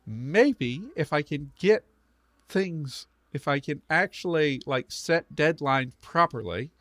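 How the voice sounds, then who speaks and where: Dry-sounding host on a video call. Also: male voice, on the high side, animated, slow, a bit bright, no echo. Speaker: host of the relay stream. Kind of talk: casual group video call.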